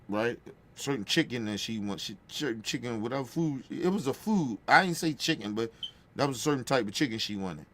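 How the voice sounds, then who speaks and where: A man telling a casual, profane family story, checking in with the listener by often asking "right?". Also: on the low side. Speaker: podcast host.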